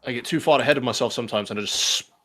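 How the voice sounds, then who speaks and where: A man's voice: mid-range voice, racing, fairly bright tone. A man, a guest on a painting stream, chatting casually and rambling a little about what he is doing. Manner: rambling, self-deprecating. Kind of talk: casual chat.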